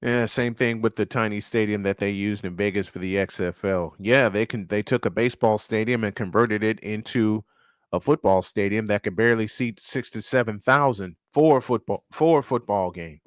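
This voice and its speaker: A man's voice: on the low side, normal speed, dry recording, studio quality. A man hosting a casual live-stream sports show, ranting and firing off rhetorical questions, repeating his points for emphasis.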